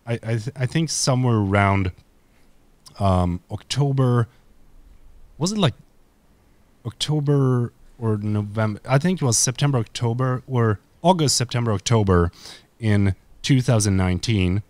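A man's voice: medium pitch, moderate pace, a little mellow, dry recording. A man with a Swedish accent, whose first language is Swedish, chatting loosely as a podcast guest, full of fillers and restarts. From Sweden. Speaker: podcast guest, content creator. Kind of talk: casual interview chat.

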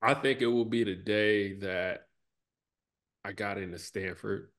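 A former basketball player in his thirties, appearing as a podcast guest, speaks in a fairly low voice during a reflective conversational interview. He's loose and unhurried, packing his talk with "like" and "you know," and his voice drops and trails off softly as he reflects.

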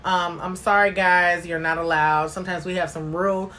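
A woman's voice: fairly low pitch, fairly even intonation, normal speed, bright, forceful tone. A woman hosting a casual live stream, chatty and bubbly, greeting viewers by name and reading their comments aloud. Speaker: livestream host.

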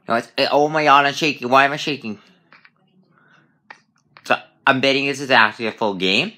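A man doing let's play commentary with a bright, sharp edge to his voice at a mid pitch. He thinks aloud as he plays and keeps breaking into startled exclamations. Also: normal speed, long pauses. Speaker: gaming channel host.

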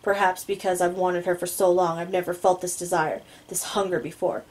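A woman reading a first-person novel aloud in a steady, low-key storytelling voice. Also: a little fast, rough recording. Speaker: audiobook reader.

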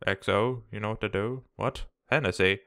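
A young man doing let's play commentary on a game, frantic and swearing, yelling at the game as he plays. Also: lowish voice, moderate pace, background noise. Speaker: gaming video host.

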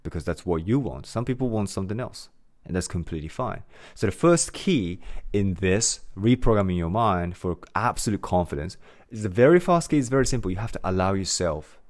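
A man's voice: low-pitched, lively intonation, a little fast, darkish tone. A man working as a mindset coach, giving a motivational talk to camera in an earnest, emphatic way, repeating phrases and using many fillers.

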